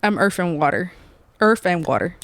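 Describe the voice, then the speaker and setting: A woman's voice: lowish voice, lively intonation, moderate pace, fairly bright tone, no room sound. A woman in her twenties co-hosting a podcast, telling stories in a chatty, filler-heavy way. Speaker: podcast co-host. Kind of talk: casual chat.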